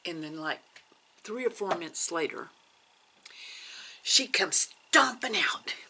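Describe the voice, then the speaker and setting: Woman, slow-paced, gravelly, bright tone, hushed dramatic asides, casual vlog storytelling. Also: lowish voice, lively intonation, slight background noise. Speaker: cross stitch vlogger.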